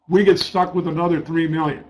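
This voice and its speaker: A man's voice: on the high side, level tone, a little fast, a little mellow, rough recording. A middle-aged man telling a trading-desk story in a blunt, profane way, repeating words as he gets worked up. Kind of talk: casual spoken storytelling.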